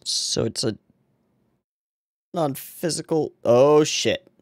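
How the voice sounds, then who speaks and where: Fairly high in pitch and slow in pace, a man casually comments on anime for his reaction channel, laughing, swearing often, reading on-screen text aloud and answering back to the screen. The recording is dry with clean studio sound.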